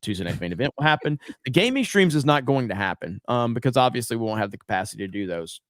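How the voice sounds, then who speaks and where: A man hosting a live stream, reading viewer comments aloud in a relaxed, casual chat full of ums and uhs. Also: medium pitch, quick pace, no echo, studio quality. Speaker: host.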